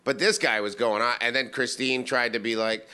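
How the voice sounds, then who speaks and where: A man co-hosting a casual comedy podcast, rambling through deadpan stories full of acted quotes. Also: mid-range voice, moderate pace, smooth. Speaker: podcast co-host.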